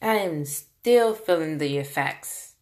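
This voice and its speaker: Young mom with a deep voice, casual storytelling, acts out the quotes. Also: female voice, lively intonation, slow pace, a little mellow. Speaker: mother telling a personal story.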